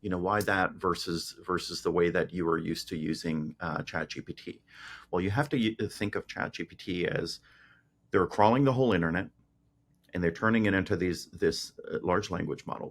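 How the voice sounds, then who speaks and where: A man's voice: sits low, fairly bright tone, husky. A man, a tech company founder, speaking as a podcast guest and explaining ideas through homely analogies with frequent restarts. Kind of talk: casual interview chat.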